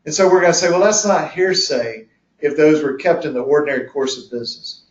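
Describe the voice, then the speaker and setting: A man's voice: a little high, a little fast. A man presenting a legal webinar in a conversational, folksy way, acting out courtroom examples as he explains the rules. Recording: echoey room, distant mic, dull lo-fi.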